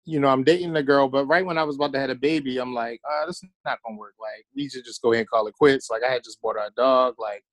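A man's voice: medium pitch, fast, hardly any pauses, no room sound. Man telling stories, dry sound. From Baltimore. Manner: loose storytelling, acts out quotes. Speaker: podcast guest. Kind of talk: casual chat.

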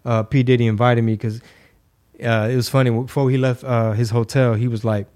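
A man from Texas telling stories in a casual talk show, lively and swearing freely. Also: medium pitch, a little fast. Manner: animated, swears freely, acts out quotes. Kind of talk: casual storytelling.

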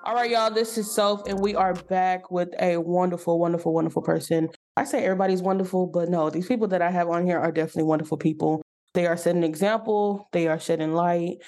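A woman's voice: lowish voice, steady tone, fast talker, darkish tone, soft background music. Chatty woman hosting a faith podcast. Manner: chatty, playful, church-flavored banter. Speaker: podcast host. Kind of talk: casual podcast interview.

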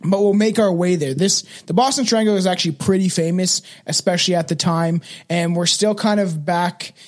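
A man's voice: high-pitched, normal speed. A young man co-hosting a true-crime podcast, talking casually with lots of fillers and swearing, and stumbling a little when reading from notes. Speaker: podcast co-host leading the episode.

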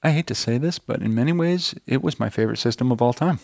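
A man's voice: mid-range voice, quick pace, creaky, a little mellow, no echo, clean studio sound. A man co-hosting a gaming podcast, chatting casually and telling rambling stories with the odd swear word. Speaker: podcast co-host. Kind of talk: casual chat.

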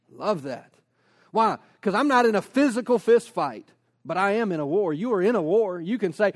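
A man preaching a sermon as a pastor, energetic, posing rhetorical questions and dropping in casual personal asides. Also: high-pitched, normal speed.

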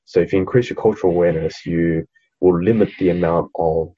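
A man's voice: low-pitched, fairly even intonation, fairly quick, warm tone, slightly rough, dull audio. A young Australian man co-hosting a podcast, rambling through a story in casual chat and swearing freely. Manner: rambling, swears freely, mocks quoted people. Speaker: podcast co-host.

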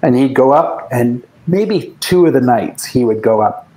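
A man in his sixties from Canada, a guest musician recalling stories in a relaxed, reflective way with frequent restarts. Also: mid-range voice, measured pace, low-quality recording. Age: 60s. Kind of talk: casual interview chat.

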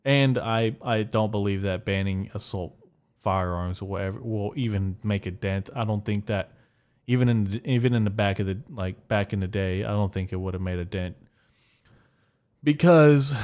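Young male podcast host, deep and clean-toned, deadpan, crude and rambling. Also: clear, resonant tone. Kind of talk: solo comedic podcast monologue.

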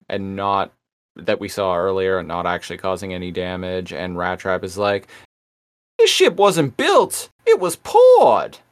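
Low, smooth-voiced man recapping casually. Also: fairly bright tone, dry recording, clean studio sound. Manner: halting, repeats words while recapping. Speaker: podcast co-host.

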